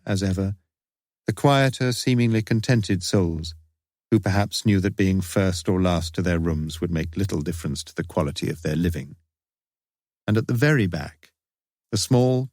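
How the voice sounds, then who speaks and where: A man reading an audiobook detective novel in a measured, wry narration. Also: deep voice, a little mellow, no echo, clean studio sound. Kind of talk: scripted narration.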